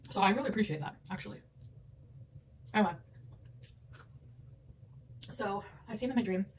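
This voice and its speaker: A woman's voice: medium pitch, moderate pace. Rambling woman chatting while eating. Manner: rambling, chatty, laughs often. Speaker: mukbang eater. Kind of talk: casual chat while eating. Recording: distant mic with background noise.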